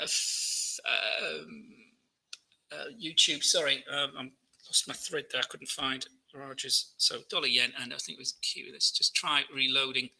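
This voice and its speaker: Bright-voiced chatty male market commentator. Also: mid-range voice, vocal fry, poor audio. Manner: chatty, many fillers, asks viewers questions. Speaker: market analyst hosting a live trading Q&A. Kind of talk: live-stream market commentary.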